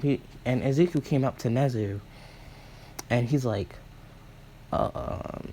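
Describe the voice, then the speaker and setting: A man improvising a fan story aloud, rambling with many fillers and self-corrections, and acting out characters' lines in quick asides. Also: mid-range voice, dark tone, slight background noise, poor audio. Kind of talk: improvised fan-fiction retelling.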